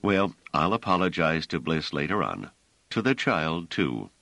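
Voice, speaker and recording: Man doing a grumpy argumentative guy, deep voice, lots of pitch movement. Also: big pitch swings, unhurried, gravelly, sharp tone, no room sound, exaggerated voice. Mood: irritated. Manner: curt, argumentative. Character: irritable, brooding man, ship's captain type. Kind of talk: audiobook character voice.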